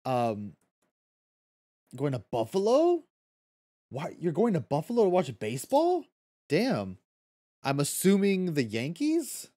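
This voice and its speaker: A man's voice: fairly high pitch, huge pitch swings, slow pace, long pauses, dark tone. A man streaming a video game from home, chatting casually with viewers, reading and answering chat, swearing freely and laughing often.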